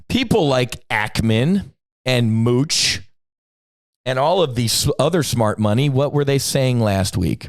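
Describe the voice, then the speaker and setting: A man's voice: mid-range voice, lively intonation, slow, dry recording, studio quality. A middle-aged man hosting a podcast, delivering a blunt, profane, combative rant with sudden emphatic bursts. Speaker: podcast host.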